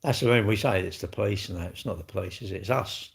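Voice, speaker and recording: A gravelly, fairly low-voiced man, chatting loosely to his stream viewers. He rambles from point to point and tags most of his statements with a quick question back at the listener. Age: 60s. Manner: rambling, chatty, ends lines with tag questions. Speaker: live streamer. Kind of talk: casual chat answering viewer comments.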